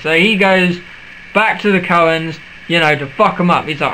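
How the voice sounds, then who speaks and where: A young man with a high, bright voice, ranting to camera in a profane, sarcastic vlog. He mocks everything he retells and swears constantly. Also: unhurried, slight background noise, poor audio. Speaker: vlogger. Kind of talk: ranting film rant vlog.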